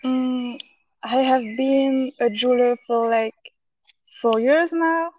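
Brief: French-accented woman guest outdoors, halting speech, muffled audio with birds. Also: high-pitched, steady tone. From France. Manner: hesitant, searching for words with restarts. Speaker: guest, jeweler. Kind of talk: casual interview answers. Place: outdoors in a park.

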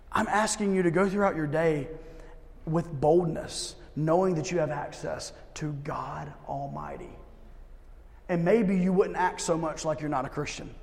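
A man in his thirties preaching a sermon to his church, casual and conversational, swinging from loud emphasis to hushed pleading. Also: sits high, big-room sound. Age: 30s. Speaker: pastor. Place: church service held in a gym.

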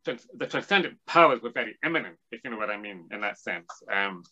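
A man's voice: on the low side, lively intonation, fast talker, sharp tone, highs cut off. A man as an interview guest, explaining ideas in a discursive, lecturing way with frequent restarts. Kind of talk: thoughtful academic discussion.

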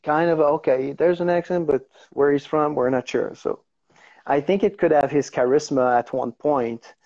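Male actor guest, Quebec French accent, warm dark tone, stumbling English, muffled video-call sound. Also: a little high. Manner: halting, searching for English words. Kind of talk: casual interview.

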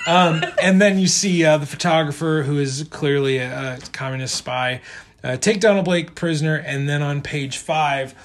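A man's voice: a little high, moderate pace. A man co-hosting a podcast who recaps a comic book in a rambling way, with many ums and restarts. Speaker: podcast co-host.

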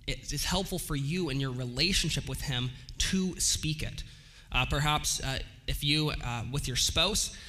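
A man preaching a sermon, speaking slowly, earnestly and in a measured way. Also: medium pitch, sharp tone. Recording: long reverb from a hall.

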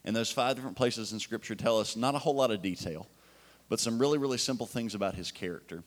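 A man's voice: medium pitch, fast. A man preaching a sermon in a casual, enthusiastic way, with fillers and restarts. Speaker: pastor.

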